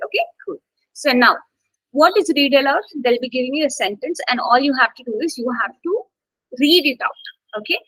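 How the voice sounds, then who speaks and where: A high-pitched woman leads a live online exam-prep class, speaking close to the mic in a dry, unechoing sound. She keeps checking in with "okay" and "got it" and leans on key words as she explains. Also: a bit bright, dry recording, poor audio. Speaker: test-prep instructor.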